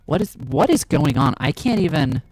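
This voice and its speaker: Profane streamer on glitchy pitch-shifted audio. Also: male voice, big pitch swings, normal speed, slightly rough, no echo, rough recording. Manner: loud, profane, exasperated asides to chat. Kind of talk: casual live-stream reaction.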